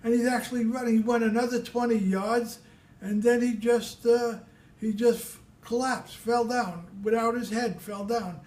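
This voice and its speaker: A man's voice: very high-pitched, fairly even intonation, normal speed, darkish tone. An older man from Brooklyn, telling his war stories in a rambling, repetitive way. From Brooklyn, New York. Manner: rambling and repetitive, with many restarts. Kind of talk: casual spoken storytelling. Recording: echoey room.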